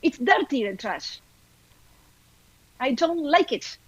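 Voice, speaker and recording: A woman with an Argentine Spanish accent voicing a wife nagging her husband in a shrill, exasperated way. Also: very animated, takes it slowly, no room sound, muffled recording, full character voice. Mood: scolding.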